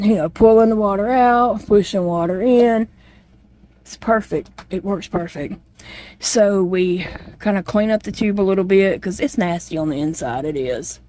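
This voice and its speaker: A woman's voice: medium pitch, mellow. A middle-aged woman, telling her own story in a casual vlog chat, plainspoken and rambling with many fillers. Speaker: chronic illness vlogger.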